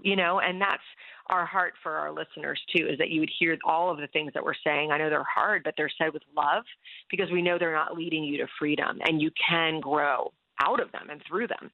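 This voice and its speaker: Woman with a gravelly voice over a phone line. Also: low voice, normal speed, no echo. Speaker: guest coach. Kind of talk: casual chat. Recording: phone-line call-in sound.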